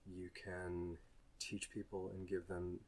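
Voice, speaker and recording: A man, an actor, talking as a podcast guest in a thoughtful, measured way, searching for words. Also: low-pitched, monotone, a little mellow, slight background noise. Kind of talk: casual podcast chat.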